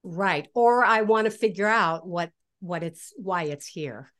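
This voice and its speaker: A woman guest in a casual interview, explaining her ideas with animated, lively delivery and acting out inner voices. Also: lowish voice, unhurried. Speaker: guest author.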